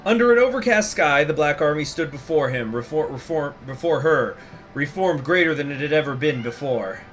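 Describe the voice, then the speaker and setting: A man's voice: on the high side, normal speed, soft background music. Casual rambling male game host. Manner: casual, rambling, joking, with many fillers. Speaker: gaming channel host. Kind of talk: strategy game commentary and reading event text aloud.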